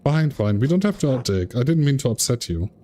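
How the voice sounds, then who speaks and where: A man's voice: mid-range voice, big pitch swings, a little fast, warm tone, slight background noise, voice pushed up, close to an everyday voice. A man voicing an earnest, polite male scholar who is determined to find the truth.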